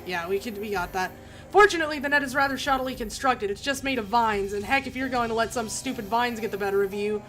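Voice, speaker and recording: Woman streaming a game, reads the dialogue out, jokey asides, higher voice, faint music behind. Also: fast talker, a bit bright. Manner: wry, chatty, laughs often. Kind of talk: reading game text aloud while playing.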